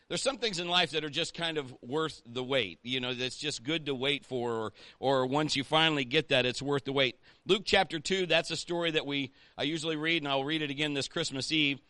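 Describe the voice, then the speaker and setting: A man's voice: on the high side, pushed and bright, no echo. A man, a pastor, preaching a sermon in a conversational way and rallying the congregation with call-outs.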